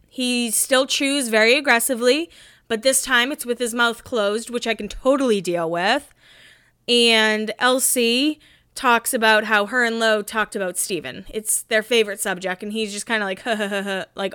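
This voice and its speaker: With a slightly high voice that sounds pushed and bright, clear and resonant, a woman in her thirties hosts a casual recap podcast. She has a cold and slips in giggly asides, and the studio sound is clean without echo.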